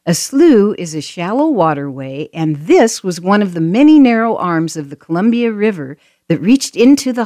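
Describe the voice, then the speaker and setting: Lively woman narrating a nature tour. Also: medium pitch, no echo, clean studio sound. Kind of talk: scripted audio tour narration.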